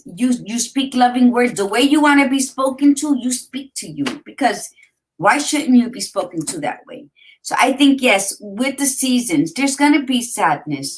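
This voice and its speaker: A woman's voice: a little high, low-quality recording. A woman co-hosting a talk podcast, casual and encouraging, speaking straight to the listener. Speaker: podcast co-host. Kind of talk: casual chat.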